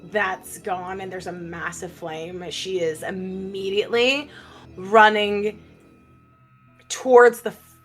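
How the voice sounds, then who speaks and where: A woman's voice: mid-range voice, steady tone, slow, soft background music. A woman playing a tabletop role-playing game, talking casually with many fillers. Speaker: player.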